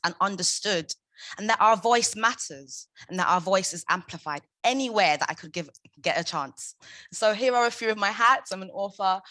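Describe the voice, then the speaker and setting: A woman's voice: medium pitch, sharp tone, no room sound. A young adult woman giving a prepared conference talk, impassioned and emphatic, driving her points home with rhetorical questions. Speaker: conference speaker, founder of a maternal support group.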